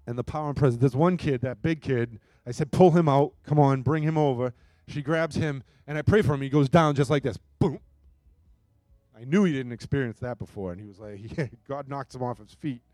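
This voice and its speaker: A man preaching a sermon and telling a story, his voice swinging between hushed moments and loud, emphatic bursts. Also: medium pitch, quick pace, few pauses, no room sound. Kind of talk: sermon testimony.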